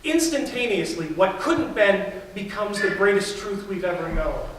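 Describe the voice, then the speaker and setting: Speaking at a normal pace, a pastor gives an animated sermon built on stories, now and then adopting the voices of its characters; his voice is high for a man. The sound is far away and soaked in the reverb of a large sanctuary, with faint room noise underneath.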